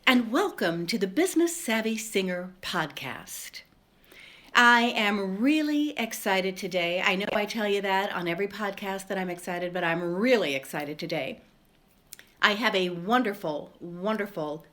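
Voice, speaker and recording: A woman's voice: medium pitch, a bit bright. A woman hosting a podcast interview, enthusiastic and effusive as she welcomes and questions her guest. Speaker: podcast host.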